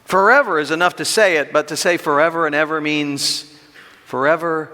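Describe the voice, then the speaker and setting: A middle-aged man teaching a Bible class as a pastor, emphatic, posing rhetorical questions and slowing down to stress key points. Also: fairly high pitch, sharp tone. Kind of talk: expository sermon teaching. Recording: long reverb of a church hall.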